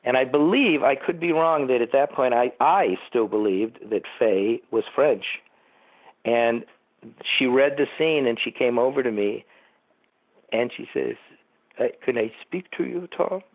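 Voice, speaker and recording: A man's voice: medium pitch, a little slow, no room sound. An older man from Southern California, a producer being interviewed, telling rambling stories and acting out what people said. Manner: rambling storyteller who acts out quotes. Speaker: producer and writer, interview guest. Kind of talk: casual anecdotal interview. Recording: tinny phone line, dry.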